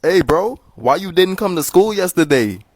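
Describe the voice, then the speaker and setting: A man excitedly telling an exaggerated story in a casual comedy skit. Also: high voice, normal speed, very noisy.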